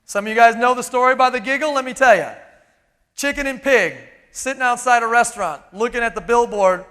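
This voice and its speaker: A man giving a live motivational keynote on stage, energetic and emphatic, throwing out rhetorical questions. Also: very high voice, brisk. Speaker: motivational speaker. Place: large event hall on stage. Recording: long reverb of a large hall.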